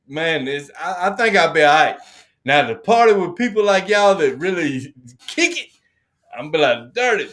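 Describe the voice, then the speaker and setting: A man with a Southern accent and a high, bright voice, talking on a rowdy live stream. He jumps in loudly, laughs often and eggs on whoever is talking. He is from Alabama. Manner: loud, laughing, hyped-up interjections. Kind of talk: casual chat.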